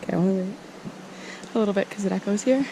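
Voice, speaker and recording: A woman's voice: medium pitch, racing, noisy background. A young woman chatting casually while hiking, giggly and self-deprecating, filmed on a handheld camera outdoors by flowing water. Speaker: vlogger.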